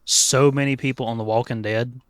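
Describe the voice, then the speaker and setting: A man speaking softly and trailing off in casual podcast chat. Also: medium pitch, fairly even intonation, normal speed, clean tone.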